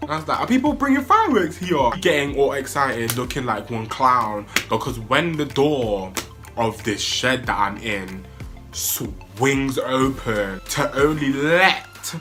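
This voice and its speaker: Young man, lively storyteller with a bright voice and big swings in pitch. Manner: animated, excitable storytelling with sudden high-pitched yelps. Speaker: vlogger. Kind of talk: storytime vlog.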